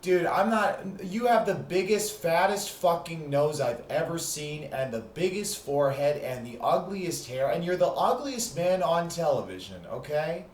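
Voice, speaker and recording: A man's voice: fairly high pitch, big pitch swings, a little slow, hardly any pauses. A man hosting a heated, profane, sarcastic ranting monologue. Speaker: host. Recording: echoey room with faint noise.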